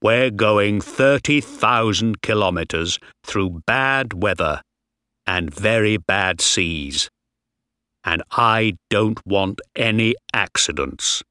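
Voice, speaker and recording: Casting: man playing a harsh, bossy captain, deep, slow, clipped commands, dry sound. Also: animated, pushed and bright, clear, resonant tone, no echo, exaggerated voice. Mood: stern. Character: stern, bossy young male ship captain.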